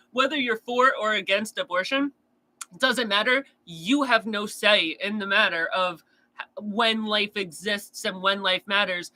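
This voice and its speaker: A man's voice: high-pitched, bright, forceful tone, low-quality recording. A man chatting casually on a true crime stream, answering chat in a blunt, profane rant.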